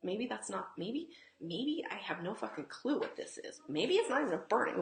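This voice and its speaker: A woman's voice: mid-range voice, expressive, moderate pace, creaky, a bit bright. A middle-aged woman teaching in a frank, emphatic way, swearing freely and sometimes dropping to a whisper, speaking at a table at home. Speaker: healing teacher. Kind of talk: casual spoken teaching. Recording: echoey room with faint noise.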